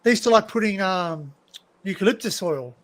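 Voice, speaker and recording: A man hosting a casual live stream chat over a video call, telling lively anecdotes and swearing freely. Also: sits high, normal speed. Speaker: livestream host.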